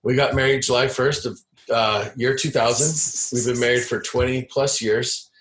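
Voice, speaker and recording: A man's voice: mid-range voice, steady tone, normal speed, fairly bright tone. A man in his forties, a podcast guest, telling stories in a blunt, rambling way. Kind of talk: casual storytelling chat.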